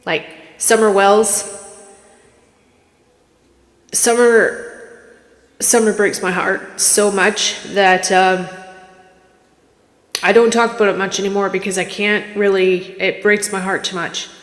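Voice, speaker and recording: Woman medium from Canada, mid pitch, rambling and emotional; casual livestream, roomy reverb. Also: fairly even intonation, slow pace, pauses often. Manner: rambling, candid, emotional, restarts. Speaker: psychic medium streamer. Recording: echoey room with long reverb.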